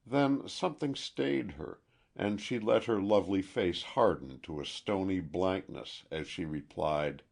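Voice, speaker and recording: Man, audiobook narrator, deep voice, husky, slow, lively intonation. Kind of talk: audiobook reading.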